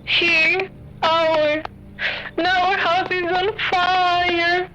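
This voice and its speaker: A woman voicing a frightened young child begging for shelter, in halting, panicked speech, in a game stream with dull lo-fi audio. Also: very high-pitched, level tone, bright, forceful tone, exaggerated voice. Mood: scared.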